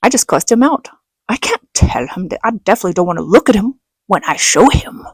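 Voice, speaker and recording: A middle-aged woman telling a personal story in a casual vlog, animated and laughing, acting out what others said. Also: medium pitch, fast talker, husky, dry recording. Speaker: vlogger.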